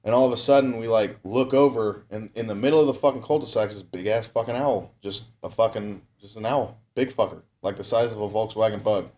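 A man's voice: lowish voice, a little fast, few pauses, a little mellow. A young man telling a long story in a casual, rambling way, swearing constantly and breaking into laughs. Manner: profane, rambling, laughs often.

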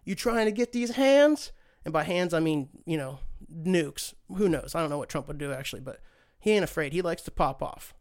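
A man's voice: fairly high pitch, brisk. A man hosting a podcast alone, rambling through a casual rant with lots of profanity and sarcasm. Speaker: podcast host.

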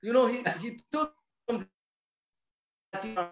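A man with a non-native English accent, telling a personal story in a halting way full of restarts. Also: very high-pitched, animated, reverberant, soft background music. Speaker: guest.

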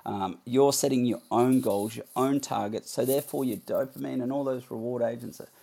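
Husky earnest man telling a story. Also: mid-range voice, steady tone, moderate pace, warm tone. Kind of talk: conversational interview.

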